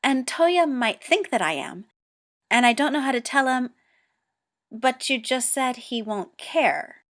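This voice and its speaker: A woman's voice: sits high, lively intonation, a little slow, a bit bright, pitched above the performer's own voice, heavily acted. A woman voicing a flustered teenage boy. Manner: raised, indignant and exasperated. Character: flustered teenage boy Go player, defensive and excitable. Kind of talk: amateur audiobook reading.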